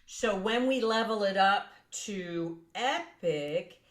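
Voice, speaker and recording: A woman's voice: medium pitch, expressive, slow. A woman hosting an interview, guiding the chat and affirming her guest often. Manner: affirming, frequent short acknowledgements. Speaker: interview host. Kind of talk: conversational interview.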